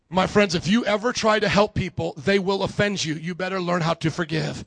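Man preaching, high voice, emphatic, call-and-response, dry sound. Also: fairly even intonation, a little fast, creaky, hardly any pauses, fairly bright tone, dry recording. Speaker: pastor. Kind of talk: sermon. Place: church service.

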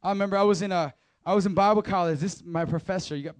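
A man's voice: sits high, fast, hardly any pauses, dry recording. A man speaking as a youth pastor, giving a casual, slangy sermon and talking straight to the crowd.

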